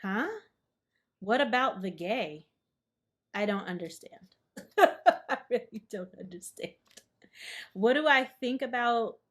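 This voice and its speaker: Casual, slightly high-voiced woman reading aloud. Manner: casual and chatty, with frequent fillers and asides. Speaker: host of a study session. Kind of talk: reading aloud and commenting, answering chat live.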